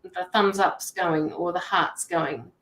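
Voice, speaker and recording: A woman's voice: on the low side, takes it slowly, a bit bright. A woman hosting a live tarot and mediumship stream, chatting casually and greeting viewers by name from her studio. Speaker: tarot reader and medium, show host. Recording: roomy studio echo.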